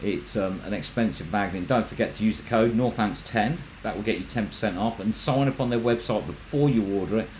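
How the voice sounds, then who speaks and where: A lower-voiced man hosts a casual livestream. He chats in a loose, rambling way, trips over his words and restarts his sentences as he reads out viewer comments. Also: fairly quick, hardly any pauses, darkish tone, slight background noise, low-quality recording. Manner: chatty, rambling, stumbles and restarts. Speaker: magnet fishing channel host.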